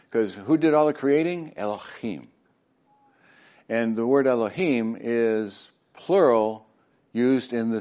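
A male pastor preaching a sermon, swinging between loud emphatic lines and hushed near-whispers, with joking asides to the congregation. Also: mid-range voice.

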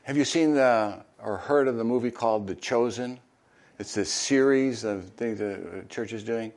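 An older man, a retired pastor, preaching a conversational sermon with halting fillers and bursts of animated storytelling. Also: medium pitch. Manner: conversational, halting with fillers, animated when acting out crowd reactions.

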